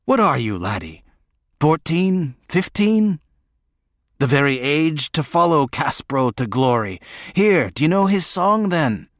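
A man's voice: a little high, big pitch swings, takes it slowly, dry recording, studio quality, voice pushed up. A man doing a teasing northern scholar. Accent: northern (fictional). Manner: bantering, calls the boy laddie. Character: dry keen-eyed northern man, teasing.

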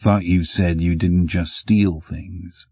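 A man's voice: deep voice, steady tone, slow, mellow, breathy edge, dry recording, highs cut off, full character voice. A man doing a laconic ex-cop. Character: laid-back ex-cop man.

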